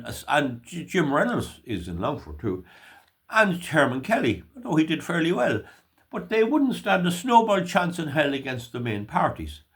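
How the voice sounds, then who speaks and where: Older Irish man, vlog political commentary, emphatic and ranting, pitch swings widely. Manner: emphatic, opinionated ranting delivery.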